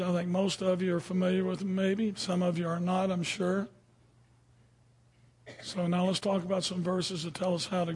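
A preacher teaches from the Bible in a casual, conversational way, often putting questions to his listeners. His voice sits high and is gravelly and husky, with a slightly mellow quality.

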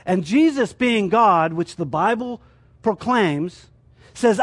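A man's voice: high voice, expressive, unhurried. A man teaching a sermon as a church teacher, explaining his points through rhetorical questions.

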